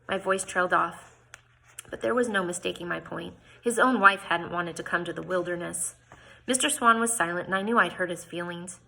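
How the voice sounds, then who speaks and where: A woman reading a novel aloud informally, expressive and lifting her voice for quoted lines, with small slips and restarts. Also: lowish voice, normal speed, creaky, low-quality recording.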